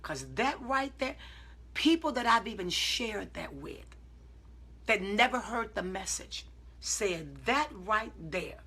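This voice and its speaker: A woman with a bright, husky, medium-pitched voice preaches informally to online viewers. She tells stories emphatically, acting out her own side of conversations, and swings from calm self-talk to loud, drawn-out exclamations.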